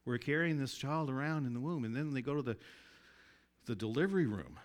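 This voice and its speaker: A man preaching a sermon in a conversational way, often asking his listeners to agree and dropping his voice low and soft for emphasis. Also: lively intonation, brisk. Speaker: pastor.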